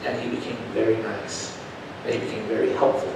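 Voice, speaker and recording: A male preacher telling a testimony in an animated storytelling manner, swinging from hushed to loud. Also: fairly quick. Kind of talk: sermon testimony. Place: church. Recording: echoey church from a distant mic with background rumble.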